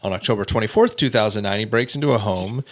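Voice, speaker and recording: A man hosting a casual true crime podcast, reading out a case timeline with offhand asides and quick self-corrections. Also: on the low side. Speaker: podcast host.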